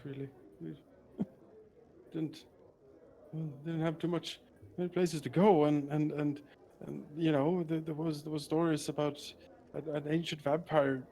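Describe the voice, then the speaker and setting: A man's voice: on the high side, dark tone, lightly acted. A man voicing a nervous young male failed actor turned bandit who stammers and babbles anxiously. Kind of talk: tabletop role-play voicing.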